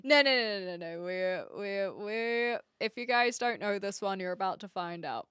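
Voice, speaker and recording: Bright, playful woman with a Kiwi accent. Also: mid-range voice, moderate pace, smooth, no room sound, studio quality. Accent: New Zealand, mixed and posh-leaning. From New Zealand. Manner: playful, giggly, self-mocking. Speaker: streamer. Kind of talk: casual live-stream chat.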